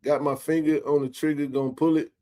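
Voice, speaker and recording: A man's voice: a little high, fast. Joking man in his forties hosting. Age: 40s. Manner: joking, animated, talks to chat readers. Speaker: sports talk stream host. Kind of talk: casual live-stream chat.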